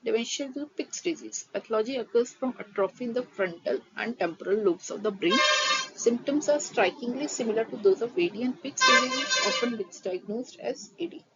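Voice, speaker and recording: A woman giving a nursing exam-prep lecture. She reads terms steadily from her notes, then quickly re-explains them in a mix of Hindi and English. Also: a little high, animated, over music. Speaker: nursing teacher. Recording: slightly dull audio with faint noise.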